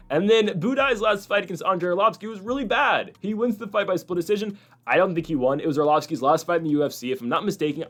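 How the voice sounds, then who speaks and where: A man's voice: medium pitch, a bit bright. A man hosting a casual talk show, rambling and opinionated, with many restarts and asides. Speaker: host. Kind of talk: casual chat.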